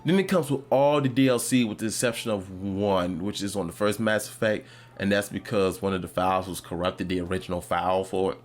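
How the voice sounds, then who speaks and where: A man hosts his own podcast, rambling casually about a video game with plenty of fillers and restarts. His low-pitched voice is brisk, with fairly even intonation.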